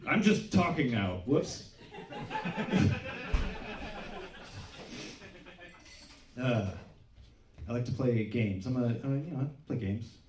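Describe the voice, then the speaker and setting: A middle-aged man doing a stand-up comedy set, deadpan and self-deprecating, swearing freely. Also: medium pitch, moderate pace, a crowd in the background. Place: small comedy club stage. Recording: roomy club sound from a distance. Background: audience laughter.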